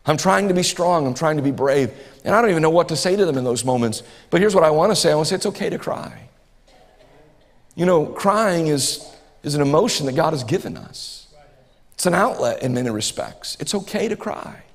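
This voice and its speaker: A man's voice: fairly high pitch, animated, fairly quick. A man, preaching a sermon as pastor, earnest and repetitive, rising to impassioned bursts. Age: 40s. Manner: earnest, repeats phrases, rises to impassioned bursts. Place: church sanctuary. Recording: reverberant church hall.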